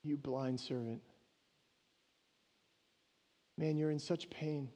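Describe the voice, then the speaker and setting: A preacher voicing a brokenhearted master who speaks softly and sorrowfully to his servant. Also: on the high side, fairly even intonation, normal speed, natural voice. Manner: soft, hushed and sorrowful.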